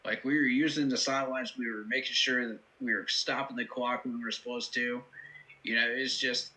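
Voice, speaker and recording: Guy hosting a football reaction stream, real bright voice, earnest play breakdown, lots of "you know". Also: medium pitch, steady tone, fairly quick, low-quality recording. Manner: earnest, analytical, many "you know" fillers. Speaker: host. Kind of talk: live football reaction commentary.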